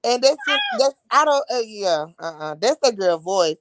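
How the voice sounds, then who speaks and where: A woman's voice: mid-range voice, sing-song, moderate pace, no echo, rough recording. A woman in a casual chat, chiming in animatedly with agreement and asides.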